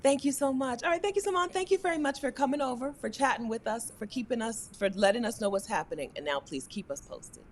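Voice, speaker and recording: A woman's voice: a little high, expressive, quick pace, hardly any pauses, a little hiss or hum. A woman hosting a casual live-stream interview over a video call, chatty and encouraging. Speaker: host.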